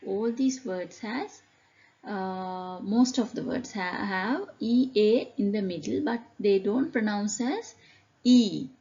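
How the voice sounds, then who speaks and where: A woman teacher giving a phonics lesson, reading word lists aloud slowly and deliberately, calling out each word loudly. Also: mid-range voice, highs cut off.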